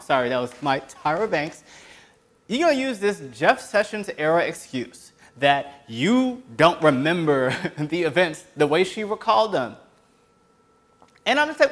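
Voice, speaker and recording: A man hosts his own web show, delivering sarcastic political commentary with passion and sometimes yelling. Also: high-pitched, very animated, moderate pace. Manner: impassioned, sarcastic, breaks into yelling. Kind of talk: solo political commentary rant.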